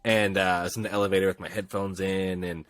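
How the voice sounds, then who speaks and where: A man co-hosting a casual gaming podcast, telling stories and acting out quotes in raised, excited voices. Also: low voice, fast, no room sound. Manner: animated storyteller, acts out quotes in raised voices. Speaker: podcast co-host. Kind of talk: casual chat.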